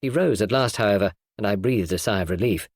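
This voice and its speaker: A man narrating a classic novel in a measured storytelling read. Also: lowish voice, no echo, studio quality. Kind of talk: audiobook narration.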